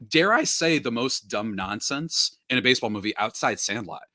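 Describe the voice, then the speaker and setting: A man's voice: medium pitch, expressive, moderate pace, pushed and bright, no room sound, studio quality. A man hosting a podcast, chatting casually and joking, with lots of fillers. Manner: laid-back, joking, filler-heavy. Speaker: podcast host.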